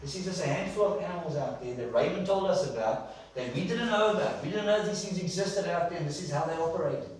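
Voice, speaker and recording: Excited preacher in an echoey church. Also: male voice, sits high, quick pace, slight background noise. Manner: enthusiastic, repeats words for emphasis. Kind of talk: sermon. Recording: echoey church hall from far off.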